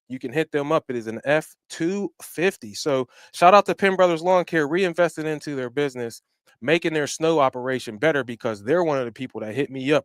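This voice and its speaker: Hyped slangy man hosting a podcast. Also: dry recording. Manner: hyped, slangy, swings from loud to low asides. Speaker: podcast host. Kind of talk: energetic solo podcast shout-outs.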